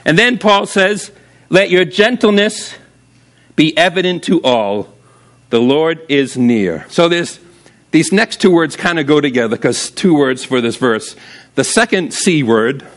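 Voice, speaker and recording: A man preaching a sermon in a church, animated, asking the congregation for amens and breaking into sudden shouts. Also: medium pitch. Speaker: pastor. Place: church sanctuary.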